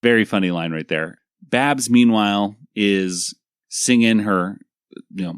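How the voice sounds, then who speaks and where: A man's voice: lowish voice, a little slow, clean tone, no echo, studio quality, faint music behind. A man hosting a podcast, reviewing a cartoon episode in rambling casual chat full of fillers. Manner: rambling, many fillers, laughs easily. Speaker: podcast host.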